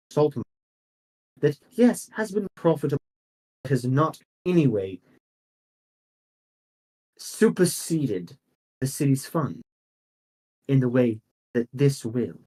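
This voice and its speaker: A man voicing a scheming female envoy pitching to a council, silky and persuasive. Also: poor audio.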